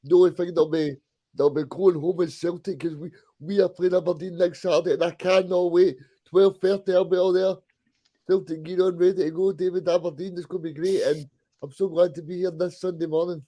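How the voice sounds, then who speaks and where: A man co-hosting a casual football podcast, eager and excited. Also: high voice, fairly quick. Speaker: podcast co-host.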